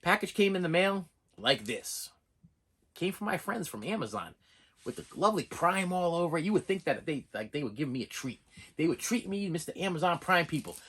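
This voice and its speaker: Animated husky man rambling to camera. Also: a little high, fairly quick. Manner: animated, repetitive storytelling with restarts. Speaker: movie collector vlogger. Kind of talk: rambling casual monologue.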